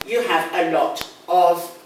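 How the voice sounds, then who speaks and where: Older london lady teaching english, patient, lowish voice, mic far off, faint hiss. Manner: patient, explains slowly, repeats key words. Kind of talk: one-on-one language lesson. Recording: echoey room, distant mic, faint noise.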